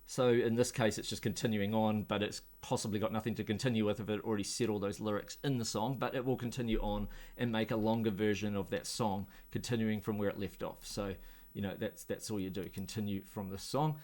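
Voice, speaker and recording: A man hosting a casual screen-share tutorial, relaxed and thinking aloud as he clicks through steps. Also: on the low side, fairly quick. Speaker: host.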